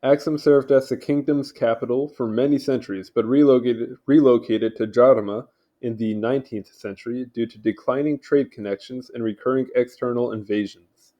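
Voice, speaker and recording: Recorded on a home mic with dull audio, a man with a mid-range voice reads wiki articles aloud for his video channel. It's easygoing read-along commentary, with stumbles on names and the odd offhand aside.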